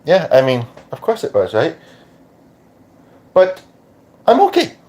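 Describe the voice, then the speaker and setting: A man voicing a friendly deceased man from India in his early forties, with a gentle, wry way of talking. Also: on the high side, huge pitch swings, slow pace, pitched above the performer's own voice, heavily acted. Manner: gentle, wry, put-on accent.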